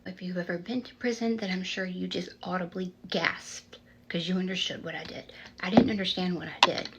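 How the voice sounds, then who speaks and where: A woman's voice: fairly low pitch, steady tone, fairly quick, very noisy. A young woman telling a personal story in a casual, chatty way, full of "like" fillers, sometimes dropping to a whisper for suspense.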